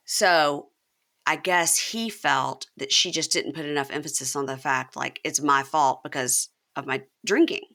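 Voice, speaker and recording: A woman's voice: low-pitched, a little slow. A woman hosting a casual podcast chat, retelling scenes and acting out quotes from the show. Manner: animated retelling, acts out quotes. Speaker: podcast host.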